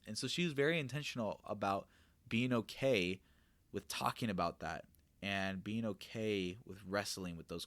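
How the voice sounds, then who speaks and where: Young dude on a podcast, low voice, earnest and rambly, keeps correcting himself, dry sound. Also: male voice, fairly bright tone, no room sound. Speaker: podcast host and youth discipler. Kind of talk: casual Q&A podcast talk.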